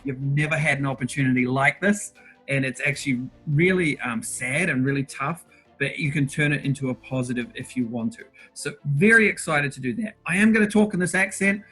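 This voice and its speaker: A man hosting an interactive online workshop from his bedroom over a video call, talking fast and upbeat and greeting participants by name. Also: medium pitch, bright, forceful tone, slightly rough, soft background music. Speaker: workshop host. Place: bedroom at home.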